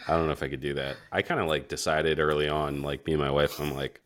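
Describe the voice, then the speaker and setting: Guest, man in his 40s: extremely deep voice, easygoing and a bit profane. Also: fast. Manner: relaxed, swearing, storytelling. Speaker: podcast guest. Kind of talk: casual chat.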